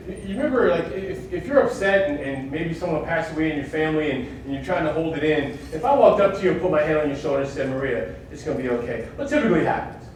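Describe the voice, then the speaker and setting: A man's voice: high-pitched, slight background noise. A man giving a live security workshop, emphatic and often asking his audience questions. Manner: emphatic, keeps checking in with "right?". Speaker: workshop speaker on workplace security. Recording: echoey hall, mic far off.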